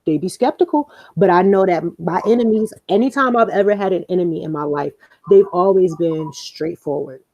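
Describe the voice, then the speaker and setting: A woman's voice: on the low side, fairly quick, dry recording, muffled recording. A young woman co-hosting a podcast, telling stories in a casual, profane way and acting out what people said. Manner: animated, profane, acts out quoted lines. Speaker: podcast co-host. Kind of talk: casual storytelling chat.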